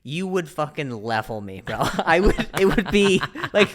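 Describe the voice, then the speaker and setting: A man's voice: a little high, sing-song, normal speed. A man hosting a podcast who talks with a stutter in a casual chat. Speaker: podcast host.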